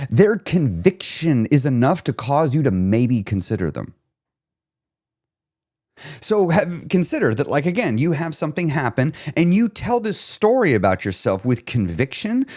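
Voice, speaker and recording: A man coaching listeners on weight loss in a relaxed solo monologue. His voice sits a little high for a man and swings widely, rising and falling as he leans into his points with emphatic, casual energy. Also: moderate pace. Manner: animated, emphatic, casual with swearing.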